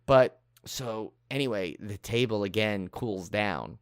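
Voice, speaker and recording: A man's voice: fairly low pitch, slow pace, smooth, no room sound, clean studio sound. A man co-hosting a podcast, telling a story in casual chat and acting out the people in it. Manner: animated anecdote-telling, acts out quoted people. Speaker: podcast co-host.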